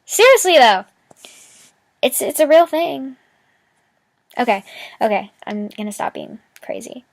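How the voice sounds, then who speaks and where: A young woman vlogs with a high-pitched, expressive voice that's a little slow and shows vocal fry, with no room sound. Giggling and rambling, she gives upbeat life advice in a casual motivational style, full of "like" and "you know."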